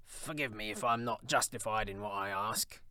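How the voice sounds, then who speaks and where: A man voicing an elderly miser who has softened, speaking eagerly and pleadingly. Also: on the low side, normal speed, no echo.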